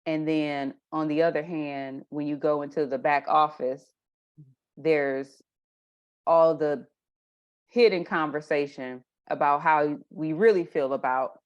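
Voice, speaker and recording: A woman with a low, deep voice and a drawl talks casually as a guest on a couch chat. She tells stories with energy and acts out her own past reactions. The sound is a little dull and muffled. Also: fairly even intonation, unhurried. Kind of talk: casual conversation.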